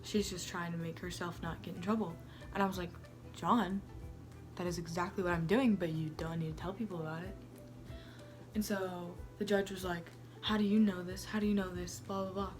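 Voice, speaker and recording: A woman's voice: lowish voice, steady tone, normal speed, faint music behind, close to an everyday voice. A self-centered young Salem woman , as acted by a woman, chatters to her camera like a teen vlogger. She rambles with constant "like" and gasps of "oh my gosh". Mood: gossipy. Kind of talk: amateur vlog-style role-play.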